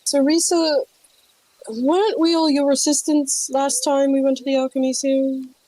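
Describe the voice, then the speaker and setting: Woman player, slightly high voice, dry close sound, planning, questioning. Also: flat delivery, moderate pace, dark tone, no room sound, rough recording. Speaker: tabletop game player. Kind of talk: casual game chat.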